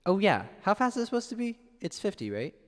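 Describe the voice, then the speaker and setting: Chatty man with a lively voice. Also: sits high, fast talker, big-room sound. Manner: reads viewer messages aloud and answers chattily. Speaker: piano streamer. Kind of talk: casual live-stream chat.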